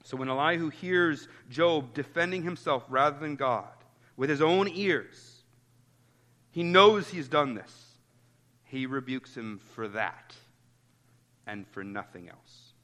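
A man's voice: mid-range voice, slow, pushed and bright, in a large hall. A pastor giving an earnest expository sermon, citing chapter and verse as he goes.

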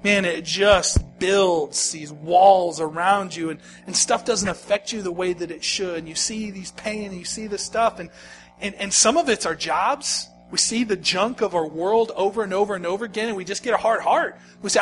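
A man with a high-pitched voice preaches a sermon. He swings between hushed, slow lines and loud, pleading ones, and repeats phrases for emphasis. Soft music plays faintly underneath. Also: poor audio. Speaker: pastor.

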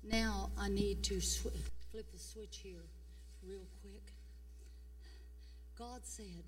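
An older woman pastor, preaching a fiery sermon. She swings between shouting and hushed tones in a folksy way. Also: medium pitch, steady tone, slow, long pauses, recorded from a distance. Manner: folksy, repeats "come on". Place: church.

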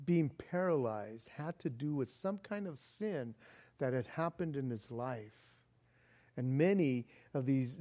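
A pastor preaching a sermon, animated and expressive, swinging between loud emphasis and hushed asides, often repeating words. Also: male voice, mid-range voice.

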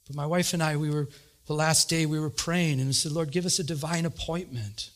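A man preaching a sermon, telling a personal story with lively retold dialogue and growing excitement. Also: fairly high pitch, fairly quick. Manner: animated, retells dialogue with rising excitement. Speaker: pastor.

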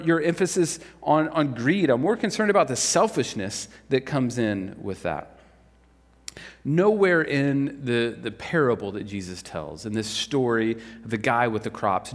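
A man delivers a Sunday sermon in an easy, conversational manner, tossing rhetorical questions to the congregation. His voice sits a little high for a man, and a long reverb trails his words around a large church hall. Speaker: pastor.

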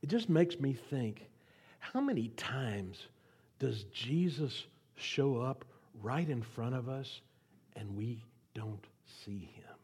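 A man delivering a sermon as a guest pastor, swinging from loud pleas to hushed whispers and asking the congregation to repeat lines. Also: medium pitch, expressive, slow pace, breathy edge. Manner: asks the audience to repeat lines.

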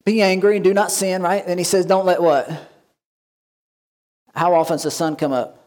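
A man pastor giving a lively sermon, acting out quoted voices and asking the congregation questions. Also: high voice, moderate pace. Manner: animated preaching, acts out quoted voices.

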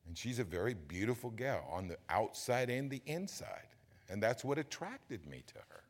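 An older man, preaching a sermon in a folksy, animated, humorous way. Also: on the low side, normal speed. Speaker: pastor. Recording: long hall reverb.

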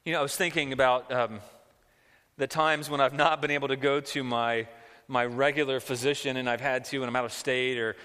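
A man's voice: mid-range voice, little pitch movement, brisk, pushed and bright, clear, resonant tone. A man preaching a sermon as a pastor, talking conversationally and acting out quotes. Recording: long hall reverb.

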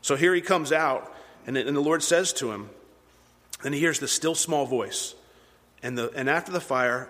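Guy preaching at church, earnest storytelling style, middle pitch, big echoey hall reverb. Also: normal speed, fairly bright tone. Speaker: pastor. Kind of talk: sermon.

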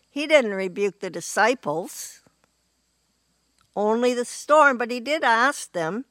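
A woman preaching a sermon in an earnest, unhurried way, often clearing her throat. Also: on the high side, lively intonation, a bit bright, no room sound.

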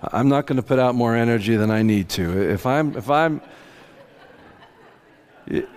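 A man's voice: medium pitch, moderate pace, in a large hall. A middle-aged man preaching a sermon as pastor, speaking conversationally and acting out the voices in the story. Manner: conversational, animated quotes of biblical voices. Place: church sanctuary.

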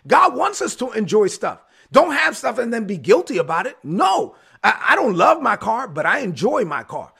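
A man's voice: high voice, huge pitch swings, normal speed, gravelly, few pauses, pushed and bright, husky. A male pastor preaching a sermon, emphatic and repetitive, building phrases to a punch.

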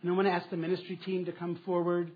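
A man's voice: sits high, monotone, rapid-fire, husky, dull audio. A man preaching a sermon as pastor, asking questions aloud and repeating key phrases for emphasis.

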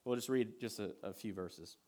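A man preaching a sermon in a conversational way, moving between loud emphatic points and quiet scripture reading. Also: fairly low pitch, normal speed. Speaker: pastor.

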